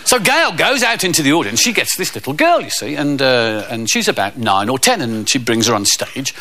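A man doing a stand-up comedy routine, telling deadpan stories and putting on voices. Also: medium pitch, brisk. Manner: deadpan anecdotal storytelling with character voices. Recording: loud background noise.

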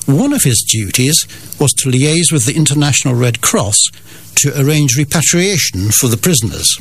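A man's voice: mid-range voice, lively intonation, normal speed, husky, no echo. An older man from the Scottish Borders, a guest telling family stories with dry, wry humour. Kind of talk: storytelling in an interview.

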